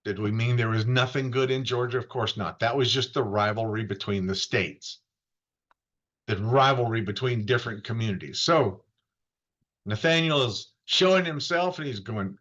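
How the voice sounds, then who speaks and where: A male pastor from Florida giving a conversational sermon, telling the story in a lively way and acting out the quoted voices. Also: medium pitch, normal speed, highs cut off.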